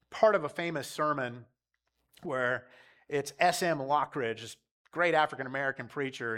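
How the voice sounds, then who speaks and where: A man's voice: mid-range voice, a bit bright. A man preaching a sermon to his church in an earnest, conversational way. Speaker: pastor.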